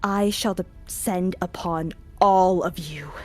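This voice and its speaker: A woman's voice: fairly low pitch, slow, mellow. A woman voicing a vengeful woman consumed by hatred, in a hissing whispered role-play that swells into rage over faint music. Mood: hateful.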